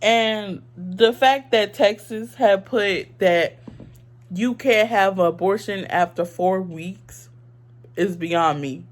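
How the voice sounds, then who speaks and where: A woman's voice: medium pitch, slow. Young woman vlogger, casual earnest opinion talk, emotional, filler-heavy.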